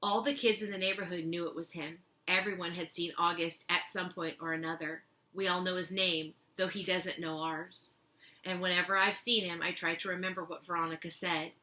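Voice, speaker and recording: A woman reading a children's novel aloud as a teacher, giving the dialogue lively expression. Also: lowish voice, brisk. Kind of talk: storybook read-aloud.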